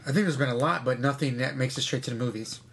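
A man's voice: medium pitch, quick pace, vocal fry, fairly bright tone, slight background noise. A man co-hosting a casual movie chat, joking and interjecting. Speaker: podcast co-host.

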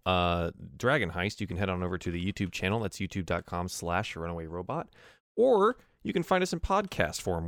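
Enthusiastic male host, animated, dry close sound. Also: lowish voice, no echo. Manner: upbeat, enthusiastic. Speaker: show host. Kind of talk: announcing a break and plugging the show.

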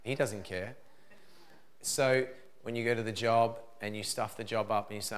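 A middle-aged man giving a lively parenting seminar talk, acting out dialogue as he goes. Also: lowish voice, normal speed. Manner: animated, acts out dialogue in put-on voices.

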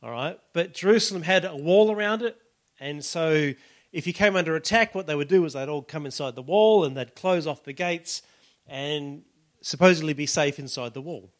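High-voiced, chatty male preacher. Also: normal speed. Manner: conversational, frequent "you know" and "all right". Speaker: pastor. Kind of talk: sermon.

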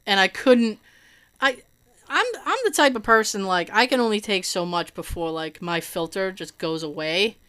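A woman's voice: medium pitch, normal speed, clean tone. A woman telling a story in casual chat, acting out what others said and laughing often. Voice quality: hearing loss in right ear. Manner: animated, laughing storyteller who acts out quotes.

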